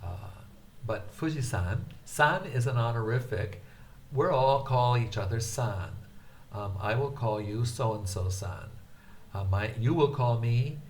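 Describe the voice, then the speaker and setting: An older man teaching a beginner language lecture, speaking patiently with frequent hesitations and carefully drawn-out syllables. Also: on the low side, a little mellow, a little hiss or hum.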